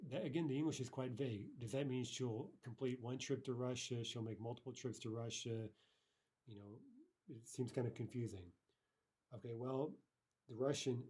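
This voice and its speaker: Mellow-voiced man teaching a language lesson. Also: medium pitch, breathy edge. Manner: explains patiently, filler-heavy, reads example sentences aloud. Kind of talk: recorded online lesson.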